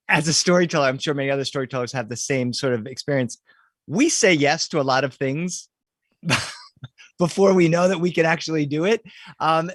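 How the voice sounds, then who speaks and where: A man, a professional storyteller, telling lively anecdotes with laughter in a casual online interview. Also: a little high, no echo, clean studio sound.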